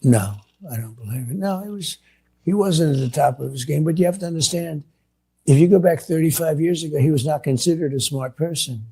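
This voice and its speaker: A man's voice: fairly high pitch, brisk, mellow, slightly rough. An older man politician answering reporters, boastful, repetitive and rambling. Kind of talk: clip of a press Q&A.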